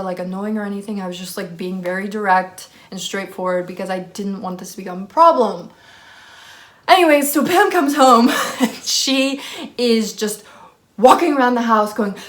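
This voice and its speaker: A woman's voice: mid-range voice, a bit bright. A young woman casually telling a roommate story to her channel, chatty with lots of fillers and an exasperated tone.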